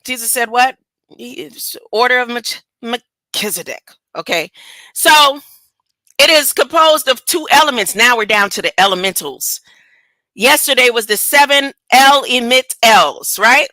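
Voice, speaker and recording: A woman's voice: fairly high pitch, lively intonation, sharp tone, dry recording. A woman teaching a casual Bible study, reading a text aloud and breaking off into chatty asides and rhetorical questions. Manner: drawn-out, stop-and-start delivery. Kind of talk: casual scripture reading with commentary.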